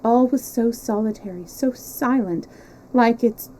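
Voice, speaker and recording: A woman reading a classic novel aloud, expressive and measured, with small slips. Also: on the high side, slight background noise, low-quality recording. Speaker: storyteller.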